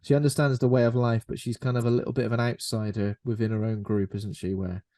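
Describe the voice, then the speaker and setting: British man, podcast co-host, casual film chat, playful, mid-pitched voice. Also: flat delivery, dark tone. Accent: British English. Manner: jokey, acts out characters in quick bits.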